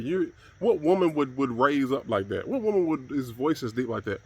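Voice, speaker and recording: A man's voice: medium pitch, animated, fairly quick, few pauses. A man giving a blunt, profane and exasperated solo commentary on camera.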